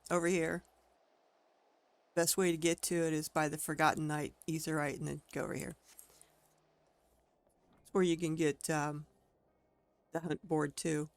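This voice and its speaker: A woman's voice: on the low side, no echo. A woman streaming a video game, talking casually as she plays, thinking aloud and exclaiming at what she finds. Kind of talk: casual gameplay commentary.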